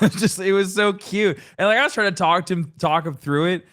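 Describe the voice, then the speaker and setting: A man co-hosting a podcast, chatting in an animated, jokey way and laughing often. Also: sits high, moderate pace. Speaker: podcast co-host. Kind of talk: casual chat.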